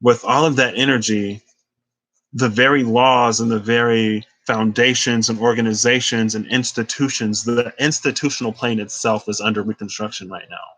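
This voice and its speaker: A man talks through a tarot reading in an emphatic, conversational way, dropping in casual slang. His voice is bright and forceful, at a middling pitch. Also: fairly even intonation, moderate pace, low-quality recording. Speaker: tarot reader. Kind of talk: spiritual tarot talk.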